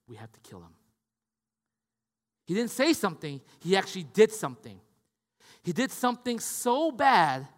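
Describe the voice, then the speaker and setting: A man preaching a sermon in a lively, conversational way, asking his listeners questions and swinging from loud to hushed. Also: fairly high pitch. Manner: conversational, asks the audience questions. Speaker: pastor. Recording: long hall reverb.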